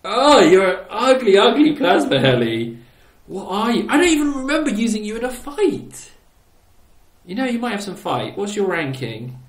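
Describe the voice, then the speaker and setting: A man's voice: sits high, wildly swooping pitch, normal speed. A man hosting a casual gaming channel, giggling and teasing his old builds with playful exclamations. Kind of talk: casual gameplay commentary. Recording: roomy echo.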